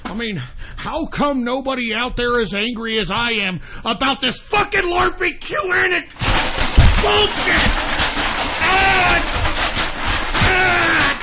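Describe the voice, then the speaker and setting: A man hosting an internet radio show, ranting angrily and profanely, often shouting, on a dull lo-fi recording. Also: very high voice, takes it slowly, slight background noise. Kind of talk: angry talk-radio rant. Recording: dull lo-fi sound.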